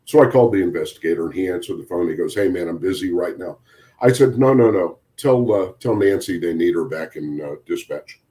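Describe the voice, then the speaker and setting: A man with a lowish voice tells a long prank story in a casual podcast chat. He is a sheriff's deputy who chuckles as he goes and acts out what each person said. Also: a little mellow. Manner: amused, chuckles through his story, quotes people in dialogue.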